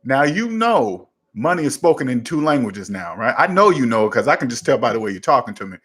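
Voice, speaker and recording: A man's voice: medium pitch, big pitch swings, a little fast, fairly bright tone, husky. A man hosting a casual personal finance talk, giving advice to a listener in an emphatic, repetitive way, coming back to one simple formula again and again. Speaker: personal finance coach and show host.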